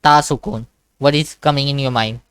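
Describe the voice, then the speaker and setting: A man teaches Quran reading in a one-to-one online lesson, slowly repeating each sound and checking in with "okay?" His voice is smooth and clear, and the sound is dry and close. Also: mid-range voice, steady tone, dry recording. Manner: patient, repetitive, checks understanding with "okay?". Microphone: video call.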